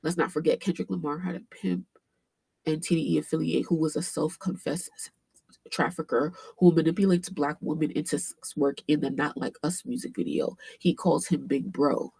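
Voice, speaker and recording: A woman hosting a casual commentary livestream, animated and swearing freely, with AAVE speech and frequent fillers. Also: sits low, normal speed, gravelly, husky, dry recording. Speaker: livestream host.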